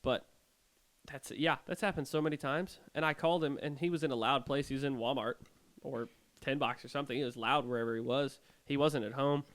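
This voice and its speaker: A young man co-hosting a podcast, telling his ghost stories in an animated way with sarcastic jokes. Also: medium pitch, fairly quick. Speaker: podcast co-host.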